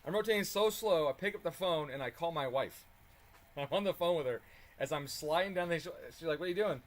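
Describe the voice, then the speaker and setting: Man, higher-pitched, casual and animated storyteller, swears and chuckles while he works in the garage. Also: brisk. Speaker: car tuning channel host.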